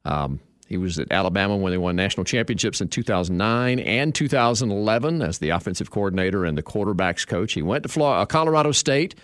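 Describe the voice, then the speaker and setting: A man's voice: medium pitch, no room sound. Guy hosting sports radio, bouncy storytelling, dry close sound. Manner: lively storytelling, chuckling.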